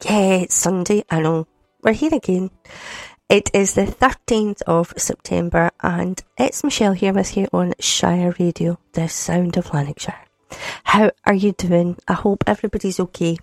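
Her voice sits lowish and steady at a normal speed as she presents a Sunday radio show in a Scottish accent, a bit groggy but chatty and jokey. Warm teasing asides pepper the casual talk. Recorded dry on a studio microphone without echo, with faint music in the background.

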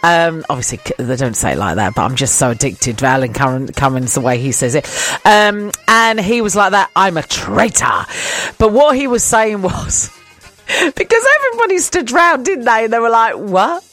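Scottish radio presenter, casual and rambling, mid pitch, faint music under. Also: lively intonation, fairly quick, fairly bright tone. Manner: chatty and rambling, with frequent restarts and questions to the audience. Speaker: radio host. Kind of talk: casual chat to listeners. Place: radio studio.

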